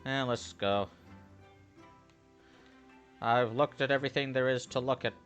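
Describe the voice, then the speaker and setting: A man's voice: mid-range voice, measured pace, a bit bright, faint music behind. A man casually commenting while playing a game, joking and swearing as he reads along. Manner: joking, swearing, loose and chatty. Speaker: let's play host.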